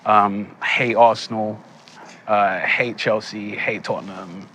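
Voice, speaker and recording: Young man, bright forceful voice, animated storyteller, faint background hiss. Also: lowish voice, takes it slowly. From England. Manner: animated, laughs often, acts out quoted lines. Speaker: actor guest. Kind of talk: casual interview storytelling.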